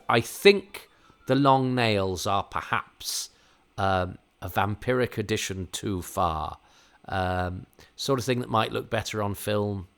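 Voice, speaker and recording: A man's voice: on the low side, a bit bright. A man with an English RP accent giving chatty, digressive watch-along commentary as a podcast host, often poking fun at himself. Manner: chatty, digressive, self-mocking.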